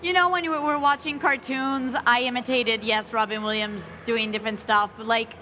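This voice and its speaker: A woman's voice: on the high side, steady tone, normal speed, bright, forceful tone, a little hiss or hum. A woman voice actor chatting playfully with fans at a convention panel. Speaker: voice actor guest. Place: convention hall.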